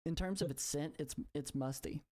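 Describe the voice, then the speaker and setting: Game master, halting narration, mid pitch, repeats words. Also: darkish tone.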